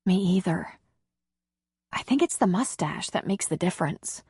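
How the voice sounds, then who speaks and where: A narrator putting on a tearful, insecure woman, higher than her own voice and quick. The voice is a little husky and dry. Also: animated, darkish tone, no room sound. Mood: emotional.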